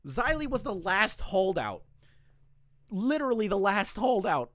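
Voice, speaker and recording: A man's voice: huge pitch swings, unhurried, fairly bright tone, dry recording, studio quality. Profane, exasperated man ranting on stream. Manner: exasperated, profane and sarcastic, with jumps in pitch. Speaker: drama commentary streamer. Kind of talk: ranting commentary on a live stream. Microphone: streaming setup with a camera.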